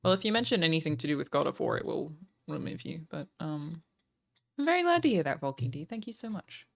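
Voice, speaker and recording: A woman's voice: low-pitched, very animated, fast talker, gravelly. A woman streaming live, chatting casually, reading articles aloud and gushing thanks to donors with casual swearing. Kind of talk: live stream chat and reaction.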